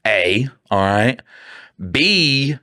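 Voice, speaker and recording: A man's voice: medium pitch, big pitch swings, drawn-out words, bright, forceful tone, dry recording, clean studio sound. A man co-hosting a podcast, talking in a heated, profane rant that keeps slipping into quoted back-and-forth. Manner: heated, profane ranting, often drops into quoted dialogue. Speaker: podcast co-host. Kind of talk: casual chat.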